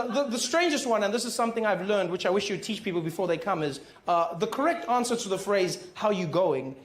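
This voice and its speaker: Man, stand-up comedian, teasing asides, higher voice, echoey, noisy. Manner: teasing, quick asides to the crowd. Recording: echoey room, noise.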